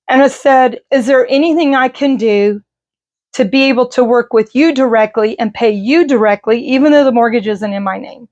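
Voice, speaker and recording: Middle-aged woman, higher voice, rambling emotional storytelling, dull lo-fi sound. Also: normal speed, darkish tone. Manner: rambling, emotional, with many fillers. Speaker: vlogger. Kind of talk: personal storytelling to camera. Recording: slightly dull lo-fi audio.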